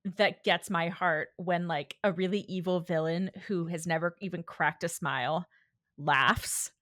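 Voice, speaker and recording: A woman's voice: on the low side, fairly even intonation, unhurried, a bit bright, no room sound, studio quality. A woman co-hosting a podcast, recapping an episode in casual chat, gushing and enthusiastic. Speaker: podcast co-host.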